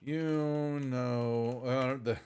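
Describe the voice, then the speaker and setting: A man's voice: medium pitch, fairly even intonation, drawn-out words, darkish tone, smooth. A man running a tabletop game on a live stream, rambling and restarting as he talks. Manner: rambling, restarts often, greets viewers. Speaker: game master.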